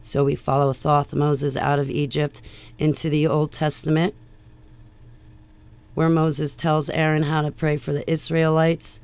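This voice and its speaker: A woman vlogger talking loudly in a rambling monologue that jumps from one tangent to the next. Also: sits low, little pitch movement, unhurried, smooth. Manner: loud, rambling, jumps between topics.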